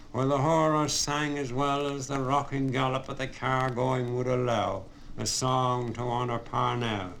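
A man reading a story aloud as narrator, with steady storytelling. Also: mid-range voice, a little hiss or hum. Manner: steady storytelling, voices the characters. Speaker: audiobook narrator. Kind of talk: scripted narration.

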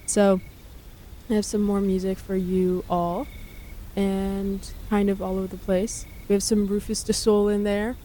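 A woman's voice: medium pitch, level tone, measured pace, dark tone, slight background noise. A young woman hosting a late-night college radio show, chatting casually and correcting herself as she rambles. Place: radio studio.

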